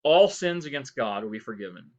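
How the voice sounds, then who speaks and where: A man's voice: medium pitch, lively intonation, brisk, darkish tone. Rambling male history lecturer, lo-fi. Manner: rambling, self-correcting, rhetorical questions. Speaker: history professor. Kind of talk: recorded lecture.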